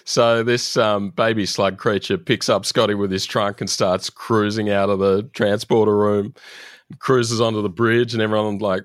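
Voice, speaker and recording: A man's voice: fairly low pitch, steady tone, moderate pace, dry recording, clean studio sound. A man co-hosting a podcast, chatting casually as he recaps an episode, laughing often and using lots of fillers. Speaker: podcast co-host.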